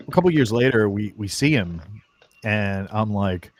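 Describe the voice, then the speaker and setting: Low-voiced man telling animated stories. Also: moderate pace. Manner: animated storyteller, acts out quoted friends. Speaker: guest author. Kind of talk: casual storytelling chat.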